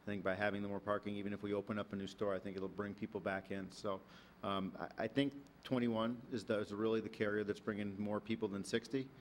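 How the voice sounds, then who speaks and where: A man's voice: fairly low pitch, little pitch movement, quick pace, slight background noise. A man representing a business at a public planning meeting, answering questions reassuringly with frequent fillers.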